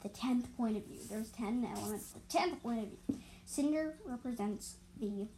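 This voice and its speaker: A woman narrating a homemade animal story off the cuff, pausing with ums and correcting herself. Her voice sits a little high, with faint noise in the background. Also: mellow, rough recording. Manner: hesitant, full of fillers and self-corrections.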